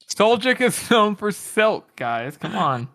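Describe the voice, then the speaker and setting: A man's voice: high voice, sing-song, slow pace, pushed and bright. A man co-hosting a casual book podcast, joking around with mock outrage and swearing. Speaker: podcast co-host. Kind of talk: casual book-discussion chat.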